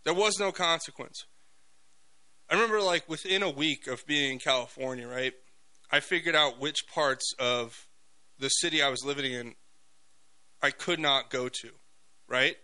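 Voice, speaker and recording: A man hosting a talk radio show, telling stories in an animated monologue full of fillers and restarts. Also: fairly high pitch, normal speed, long pauses, poor audio.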